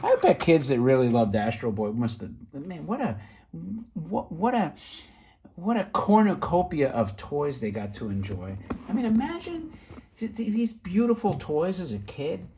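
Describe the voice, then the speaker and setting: A middle-aged man casually showing off vintage toys, chatty and excitable with rambling asides. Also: on the high side, measured pace, breathy edge. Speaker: toy collector vlogger. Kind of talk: casual show-and-tell.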